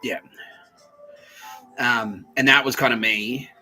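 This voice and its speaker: Bright-voiced man, rambling and laughing. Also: medium pitch, steady tone, slow, faint music behind, rough recording. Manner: loose, laughing, sweary storytelling with acted quotes. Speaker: podcast host. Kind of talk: rambling personal monologue.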